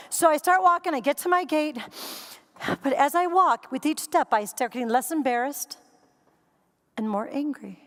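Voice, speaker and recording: A woman giving a keynote speech, telling a funny story in an animated way and acting out scenes and quotes for a live audience. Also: sits high. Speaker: keynote speaker. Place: conference stage before a live audience.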